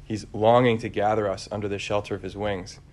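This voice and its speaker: Low-voiced man giving a conversational homily. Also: brisk. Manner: relaxed, searching, frequent fillers and restarts. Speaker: preacher.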